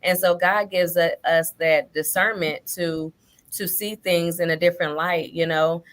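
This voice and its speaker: A woman's voice: lowish voice, steady tone, a little slow. A woman guest author speaking over a video call in a casual interview. She talks hesitantly, with many fillers and "you know"s.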